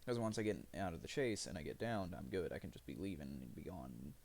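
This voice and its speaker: A man narrates his own game live, rambling and cursing while laughing at his own mistakes. His voice sits low with a rough, fry-heavy grain. The pitch leaps around a lot as he reacts. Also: expressive, a little fast, a little mellow. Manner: rambling, profane, self-mocking. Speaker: streamer. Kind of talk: live gameplay commentary.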